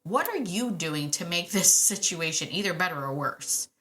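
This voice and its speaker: A woman with a bright, forceful voice talks straight to her listeners about dog training. She is animated and emphatic and repeats her key points. She laughs often as she talks. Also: lowish voice, moderate pace. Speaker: dog trainer podcast host. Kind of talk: casual solo podcast advice.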